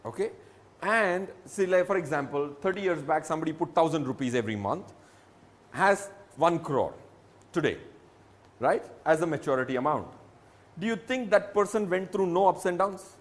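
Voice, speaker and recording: A financial advisor with an Indian English accent gives a reassuring public talk on personal finance, explaining emphatically with examples. His voice is fairly high and expressive, at a moderate pace.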